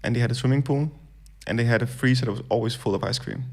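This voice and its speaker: A young man, a guest on a casual podcast, who tells his stories in a relaxed way and swears offhandedly. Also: medium pitch, quick pace.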